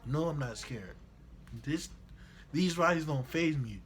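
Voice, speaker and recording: A young man vlogging, retelling a trip in slangy, animated casual storytelling. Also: fairly high pitch, slow, a little hiss or hum.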